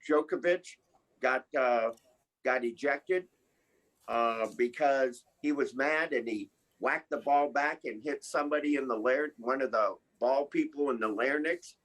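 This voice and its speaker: Man, panelist, halting speech, frequent fillers, video call. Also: mid-range voice, fairly bright tone, rough recording. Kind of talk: casual panel chat.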